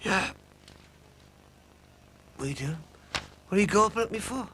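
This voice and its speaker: A man's voice: high-pitched, animated, pushed and bright, a little hiss or hum. An actor playing a stubborn older father who grumbles and bickers with his children. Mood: cranky. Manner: grumpy, stubborn, quick to bicker. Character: stubborn, cranky older father just out of hospital. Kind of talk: TV soap acting.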